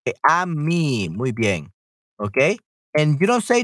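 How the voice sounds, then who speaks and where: A woman teaching a live-streamed language lesson, patiently repeating phrases slowly and translating them. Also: sits low, big pitch swings, fairly bright tone, no room sound, clean studio sound. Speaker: Spanish teacher on a livestream.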